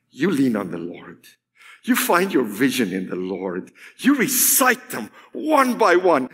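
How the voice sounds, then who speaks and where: A man preaches in a high, lively voice that climbs and falls dramatically. He takes his time, lingering over words before sinking into hushed tones. The long reverb of a big hall trails behind him. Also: slightly rough. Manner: impassioned, swinging from loud high declarations to hushed, drawn-out words. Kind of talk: sermon. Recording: echoey hall.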